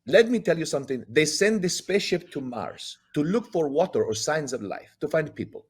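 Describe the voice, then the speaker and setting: A man's voice: on the high side, lively intonation, a little fast, very noisy, voice pushed up, natural voice. A man doing an impression of a grandiose older male crooner who speaks in short, clipped, self-assured phrases.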